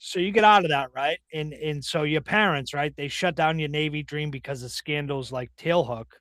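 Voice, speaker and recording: A man with a Boston accent hosts a podcast interview, his voice sitting a little high for a man. He talks in an upbeat, emphatic, punchy way. The sound is dry and close, with little room around it. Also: moderate pace, a bit bright, no room sound. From Dorchester, Massachusetts. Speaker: podcast host.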